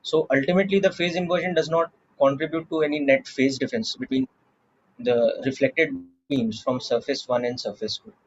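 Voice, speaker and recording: A man with an Indian English accent teaching a physics class, explaining slowly and checking in with "okay" often. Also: fairly high pitch, slightly rough, dull audio. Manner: slow, deliberate explaining with frequent "okay" checks. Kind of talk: classroom lecture.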